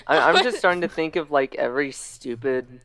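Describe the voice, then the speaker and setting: A woman's voice: rumbling low, brisk, a bit bright, no room sound. A woman hosting a podcast, teasing her co-hosts in wry casual chat. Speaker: podcast host.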